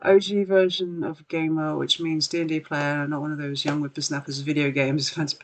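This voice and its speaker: With a mid-range voice, little pitch movement, and a moderate pace, a podcast host chats loosely on a livestream, full of fillers, apologies, and self-deprecating laughter. Faint background music and slight background noise can be heard.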